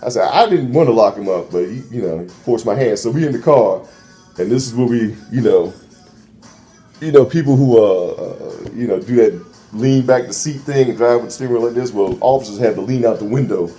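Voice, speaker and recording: A middle-aged man tells old police stories, throwing himself into every voice he quotes. His tone is mellow and unforced, and faint music plays softly behind him. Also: mid-range voice, lively intonation, a little fast. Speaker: interview guest, former transit police officer. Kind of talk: casual storytelling.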